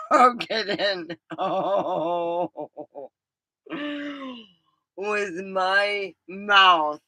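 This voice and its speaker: Bright-voiced, giggly middle-aged woman. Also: medium pitch, no echo. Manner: rambling, giggly, breaks into laughter. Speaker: vlogger. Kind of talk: casual storytelling.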